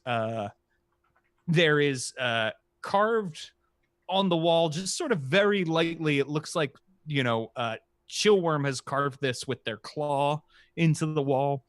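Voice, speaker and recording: A man running a tabletop game as game master, narrating in a relaxed, halting way with many fillers. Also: a little high, dry recording. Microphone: podcast mic.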